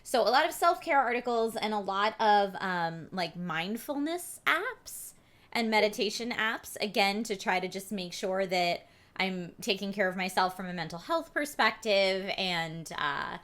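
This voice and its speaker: Woman co-host, casual and self-deprecating, bright, tense tone. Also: mid-range voice, lively intonation, measured pace. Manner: chatty, frank, self-deprecating. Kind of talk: casual chat.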